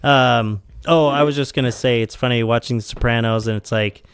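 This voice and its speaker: A man's voice: mid-range voice, fairly quick, a bit bright, clear, resonant tone, no room sound. A man hosting a podcast in casual chat, rambling with many fillers and frequent laughter. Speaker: podcast host.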